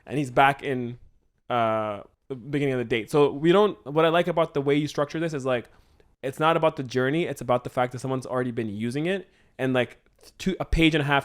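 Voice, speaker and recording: A young man co-hosting a casual chat, pitching story ideas in a rambling, animated way and swearing freely. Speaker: podcast co-host.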